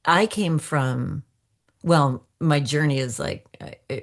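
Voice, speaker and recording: A woman voice actor and coach, talking as a podcast guest in a loose, animated way, laughing often and circling back on her thoughts. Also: low-pitched, slow pace, vocal fry. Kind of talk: casual conversational interview.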